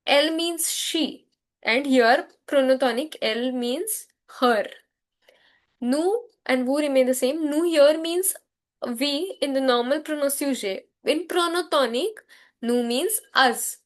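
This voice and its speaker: A woman with an Indian English accent teaching a French grammar lesson, drilling words slowly and having students repeat after her. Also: high voice. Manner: slow, repetitive drilling with call-and-response.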